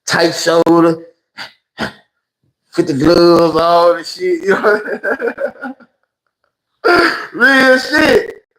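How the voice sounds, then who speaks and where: A man with a Memphis Southern accent spins a loose, slangy story on his phone livestream. His voice sits a bit high for a man, and he keeps slipping into other people's voices as he tells it. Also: steady tone, extremely slow, pauses often, fairly bright tone, low-quality recording. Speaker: livestream host.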